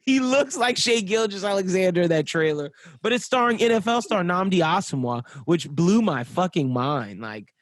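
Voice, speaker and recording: A man's voice: sits high, expressive, normal speed, hardly any pauses, no room sound. A man co-hosting a podcast in casual chat, laid-back and slangy, rambling with restarts. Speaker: podcast co-host.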